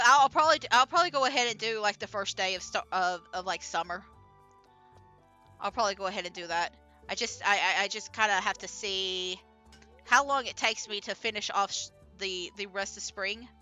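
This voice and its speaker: Young woman, streamer, bright tone, rambling, fillers and restarts, faint game music. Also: medium pitch. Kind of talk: casual gameplay commentary.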